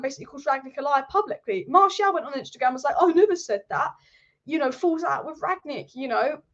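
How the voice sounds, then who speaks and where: High-voiced girl going off about football, swears a lot, kinda muffled audio. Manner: passionate, fired-up, swears freely. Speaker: football fan channel host. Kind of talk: ranting fan commentary vlog. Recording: slightly dull lo-fi audio.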